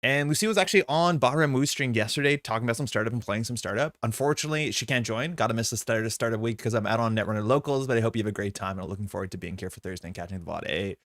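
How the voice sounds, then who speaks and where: A man hosts a live stream and talks quickly in a relaxed, chatty way. He greets viewers in chat as he goes. His voice is close and dry, with no room sound around it. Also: lowish voice, no echo. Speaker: streamer host.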